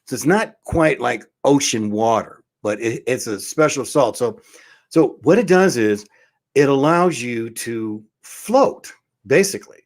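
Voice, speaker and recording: A man's voice: mid-range voice, animated, measured pace. A man hosts his own talk show and tells a story to the camera. He rambles, starts his sentences over and over, and scatters fillers as he goes, in a casual and conversational way. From Southern California. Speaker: show host.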